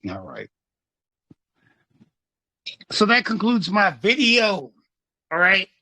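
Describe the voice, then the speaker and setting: A man hosting his show, talking in an excited, preacher-like way with sudden swings in tone. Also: high-pitched, low-quality recording. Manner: excitable, rapid shifts in tone, preacher-like. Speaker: host and legal trust teacher. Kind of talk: excited preaching-style talk.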